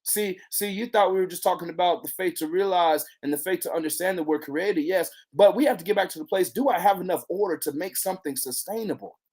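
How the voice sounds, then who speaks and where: An excitable devotional leader teaching a faith challenge to camera, breaking into bursts of praise and repeating lines for emphasis. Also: medium pitch, fast, hardly any pauses, slightly rough. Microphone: handheld camera.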